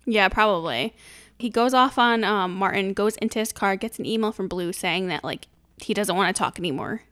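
A woman chatting casually about a movie, agreeable and relaxed as she recaps scenes. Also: mid-range voice, normal speed. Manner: relaxed, agreeable, often laughing along.

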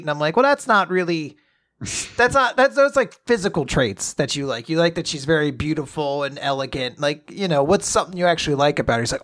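Male podcast co-host, slightly high voice, lively storyteller. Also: quick pace. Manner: animated storytelling, acts out scenarios. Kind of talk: casual podcast chat.

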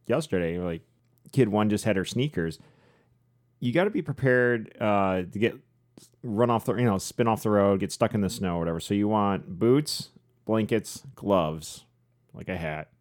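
A man's voice: on the low side, darkish tone. A man co-hosting a podcast, chatting casually and rambling with frequent laughs. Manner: rambling, conversational, laughs often. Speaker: podcast co-host. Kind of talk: casual chat.

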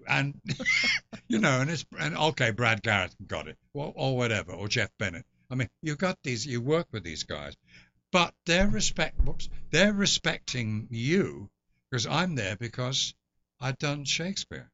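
A man's voice: medium pitch, very animated, moderate pace, sharp tone, highs cut off. An older English man, a guest actor, telling stories in an interview with theatrical asides. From England. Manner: expansive storyteller, theatrical asides. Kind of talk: anecdotal interview talk.

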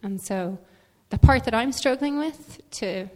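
A woman congregant asking a question, hesitant and halting, repeating her words. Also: a little high. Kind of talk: emotional question from the floor. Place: mosque prayer hall. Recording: long hall reverb.

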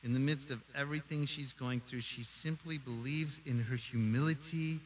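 A middle-aged man preaching a sermon as pastor, animated, acting out quoted voices. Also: mid-range voice, normal speed, recorded from a distance, slight background noise, rough recording.

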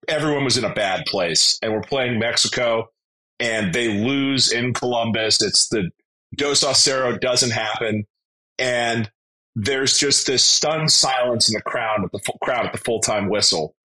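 A man co-hosting a laid-back podcast from a remote call. His voice is bright and forceful, sitting at a middling pitch. He tells stories with animated, blunt energy and swears freely. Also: a little slow, poor audio. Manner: animated storyteller, blunt and profane. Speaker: podcast co-host. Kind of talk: casual podcast chat.

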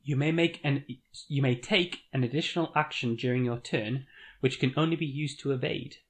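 A man with a medium-pitched voice chats easily on a board game podcast. He reads card text aloud and then talks it over in a relaxed way. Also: normal speed, husky. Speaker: podcast co-host. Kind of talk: casual board game discussion.

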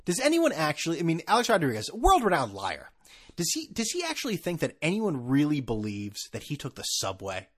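A man's voice: fairly high pitch, huge pitch swings, fairly quick, fairly bright tone. A man hosting a podcast, ranting sarcastically with profanity, stammering restarts and laughs at his own jokes. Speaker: podcast host. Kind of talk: casual ranting monologue.

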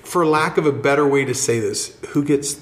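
A man co-hosting a podcast, telling a church story in a rambling, halting, excited way. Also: mid-range voice. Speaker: podcast co-host, church member. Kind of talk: casual storytelling chat. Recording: roomy echo.

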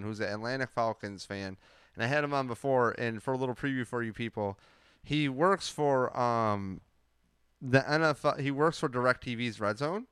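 A man's voice: mid-range voice, fairly bright tone, smooth, dry recording. A man hosting a podcast, talking in a laid-back, slangy, rambling way. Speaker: podcast host. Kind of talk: casual podcast chat.

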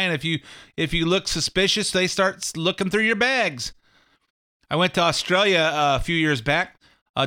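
Bright-voiced male talk host. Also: fairly high pitch, clear, resonant tone. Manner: rambling, sarcastic, mimics catchphrases. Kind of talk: casual political commentary.

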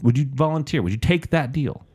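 A man's voice: on the high side, animated, fairly quick, darkish tone, breathy edge. A man co-hosting a podcast, playfully setting up hypothetical scenarios for his co-hosts in casual chat. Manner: playful, sets up scenarios dramatically. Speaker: podcast co-host posing hypotheticals.

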